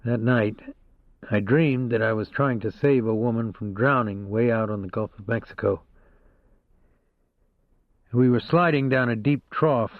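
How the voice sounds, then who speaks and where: A man narrating a first-person crime novel in a steady, measured way. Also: medium pitch, no echo. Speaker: audiobook narrator. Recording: dry, narrow phone-like sound.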